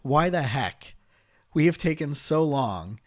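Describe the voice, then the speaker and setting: A man's voice: fairly high pitch, sing-song, slow, no echo, studio quality. A man hosting a podcast as a marriage and family therapist, chatting casually with lots of fillers and restarts.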